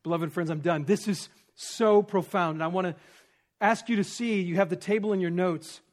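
A man preaching an expository sermon, teaching with rhetorical questions and swinging from emphatic stress to hushed, near-whispered points. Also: high-pitched, moderate pace. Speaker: pastor.

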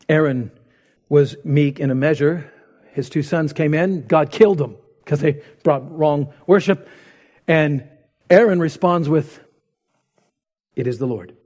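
Male pastor, husky and mellow tone, dramatic delivery shifting from loud to hushed. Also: on the high side. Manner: dramatic, swings from loud retelling to hushed intensity. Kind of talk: sermon.

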